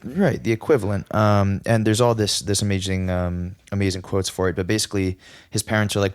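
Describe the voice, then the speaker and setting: A man's voice: sits low, little pitch movement, quick pace, smooth, dry recording, clean studio sound. A man co-hosting a podcast, talking eagerly about comics in a casual way. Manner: enthusiastic, reads quotes aloud. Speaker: podcast co-host.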